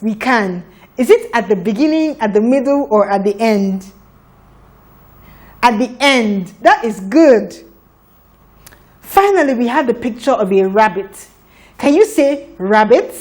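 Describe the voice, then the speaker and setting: A woman's voice: a little high, a little mellow. A woman teaching a phonics lesson to young children, sounding out letters patiently and praising often.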